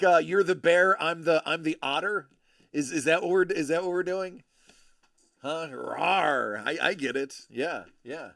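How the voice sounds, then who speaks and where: A man hosting a casual livestream, joking and teasing his viewers with quick asides. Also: sits high, a bit bright, dry recording, clean studio sound. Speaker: livestream host, collector.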